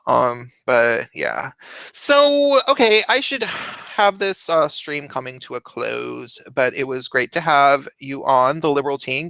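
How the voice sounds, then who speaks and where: A man hosting a casual chat stream, telling stories in a rambling, halting way. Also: medium pitch, creaky, sharp tone, no echo. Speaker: stream host.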